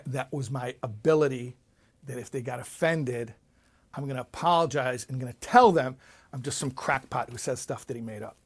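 A man speaking as a rabbi, telling a personal story in an animated way and often repeating himself. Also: medium pitch, breathy edge. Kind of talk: storytelling talk.

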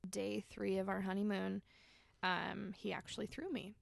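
A woman's voice: medium pitch, little pitch movement, normal speed, gravelly. A young woman telling her personal story as a podcast guest, candid and conversational, full of "like" fillers. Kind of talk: personal testimony in a podcast interview.

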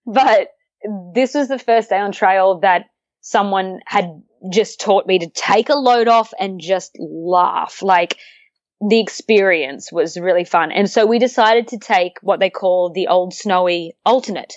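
A woman with an Australian accent, chatting as an interview guest and telling lively stories with frequent laughter. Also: medium pitch, measured pace, dry recording, highs cut off. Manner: animated storyteller, laughs often, acts out quotes. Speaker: interview guest, long-distance hiker. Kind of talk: casual interview chat.

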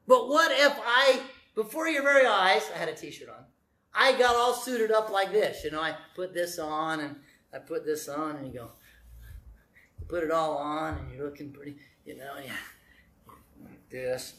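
A man delivers a lively church sermon in a high, bright voice with a sharp edge. He drives his points home by repeating phrases and slips in playful asides. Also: moderate pace, roomy sound. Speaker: preacher.

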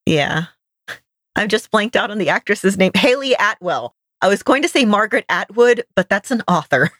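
A woman's voice: mid-range voice, animated, normal speed, a bit bright, no echo. A woman co-hosting a podcast, talking casually and laughing easily as she recaps an episode. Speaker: podcast co-host. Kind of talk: casual chat.

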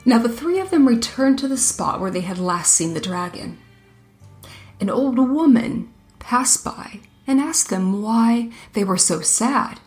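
A woman narrating a fairy tale in an even, measured reading. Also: a little high, soft background music. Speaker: storyteller.

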